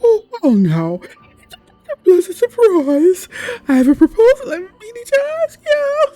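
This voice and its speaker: A woman voicing a tiny female fairy in a game, reading the lines in a high, lilting, giggly way. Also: wildly swooping pitch, unhurried, dark tone, heavily acted. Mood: sing-song.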